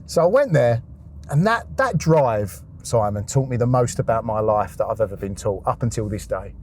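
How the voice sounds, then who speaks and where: A man's voice: medium pitch, expressive, normal speed, darkish tone, slight background noise. A man, a podcast guest, telling a raw personal story, swearing often and acting out his past thoughts.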